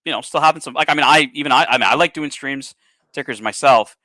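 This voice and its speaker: A man's voice: medium pitch, fast, bright, forceful tone, dry recording. A man hosting a casual livestream chat, rambling with many fillers. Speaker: livestream host.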